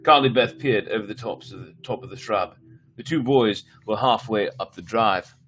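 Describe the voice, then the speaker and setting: On a live stream, a man with a lowish, slightly bright voice reads a spooky children's story aloud, often slipping and restarting and sometimes pausing to chat with listeners. There's slight background noise.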